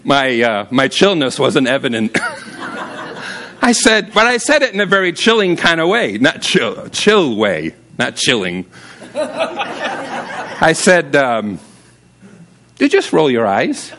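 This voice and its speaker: A man preaching a sermon as pastor, casual and humorous, telling stories and often jumping up high for emphasis. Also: wildly swooping pitch, slow pace, pauses often, a bit bright.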